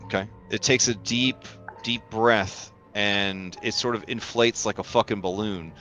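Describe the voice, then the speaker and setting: A man narrating a tabletop game as game master, in a casual, halting way with many fillers. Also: lowish voice, fairly even intonation, bright, forceful tone, dull audio, soft background music.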